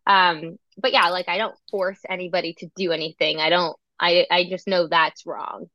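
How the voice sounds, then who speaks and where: A woman speech-language pathologist in casual podcast chat, an animated storyteller who says "like" often. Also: lowish voice, normal speed, no room sound, lo-fi sound.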